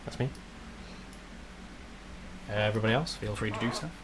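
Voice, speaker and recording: A man narrating and running a tabletop game as game master, briskly giving rules and describing the scene. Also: lowish voice, background noise.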